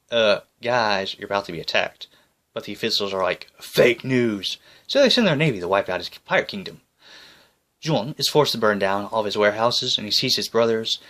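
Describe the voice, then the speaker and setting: A man narrating history in a jokey, breezy way, tossing in quick voiced asides. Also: on the low side, a bit bright.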